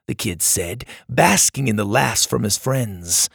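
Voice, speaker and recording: A man reads a children's adventure story aloud with a gravelly, slightly husky voice. His delivery is lively and full of rises and falls. He sits at a middling pitch for a man. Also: a little slow, hardly any pauses, no room sound, studio quality. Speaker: narrator. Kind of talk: audiobook narration.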